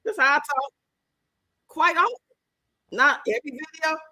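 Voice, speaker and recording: A woman hosting a casual livestream in African American Vernacular English, loud and animated, cursing freely. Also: sits high, moderate pace, dry recording, poor audio. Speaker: livestream host.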